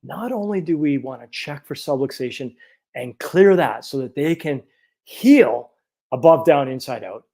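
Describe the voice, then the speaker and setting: A chiropractor in his fifties telling a personal story in an animated, earnest way. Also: medium pitch, a little slow, creaky. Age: 50s.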